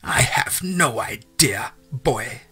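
A man voicing a cranky old great aunt who speaks in a raspy, scolding voice. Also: medium pitch, animated, pushed and bright, faint music behind, voice pushed up, heavily acted. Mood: dismissive. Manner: scolding, slow and gruff.

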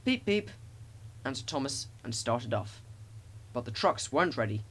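A man narrating a children's railway storybook in a gentle, expressive reading. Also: mid-range voice, moderate pace, husky. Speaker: audiobook narrator.

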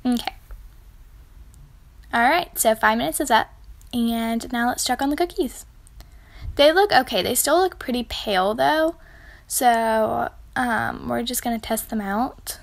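A woman's voice: fairly high pitch, lively intonation, unhurried, gravelly, pauses often, dry recording. A woman, chatting and giggling as she bakes in her home kitchen for a casual vlog tutorial. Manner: chatty and giggly, talking while she works. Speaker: baking vlogger.

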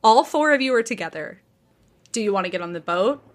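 A woman's voice: medium pitch, a little fast. A woman hosting a podcast, telling a gossip story in a casual way, acting out the people in it and laughing often. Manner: animated storyteller, acts out quotes, laughs often. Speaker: podcast host.

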